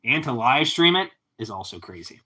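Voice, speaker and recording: Man with a very bright, sharp voice. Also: mid-range voice, big pitch swings, moderate pace, husky. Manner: laid-back, laughs often, ends lines with bro and man. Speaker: livestreamer. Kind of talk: casual livestream chat with viewers.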